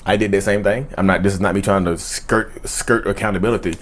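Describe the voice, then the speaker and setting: A man's voice: lowish voice, steady tone, fairly quick. A man, talking to camera in an earnest, preachy way and repeating lines for emphasis. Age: 30s. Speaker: mental health video creator. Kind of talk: casual talking-to-camera monologue.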